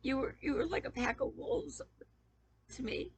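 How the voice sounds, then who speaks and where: A woman's voice: high-pitched, big pitch swings, normal speed, poor audio. A woman YouTuber in an emotional personal appeal to camera, pleading and stammering with repeated questions, on the verge of tears. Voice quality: raspy, gravelly.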